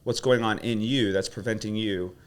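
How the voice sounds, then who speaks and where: A man with a fairly low voice leads a coaching talk. He presses with short questions and then tells a heartfelt personal story. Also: steady tone, normal speed, clean tone. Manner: probing, then emotional storytelling. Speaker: guest coach.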